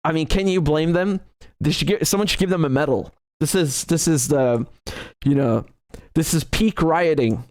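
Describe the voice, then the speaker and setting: A man's voice: fairly high pitch, normal speed, darkish tone, no echo. A man hosting a live political commentary show, talking indignantly and sarcastically with many restarts. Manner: frequent restarts. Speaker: host.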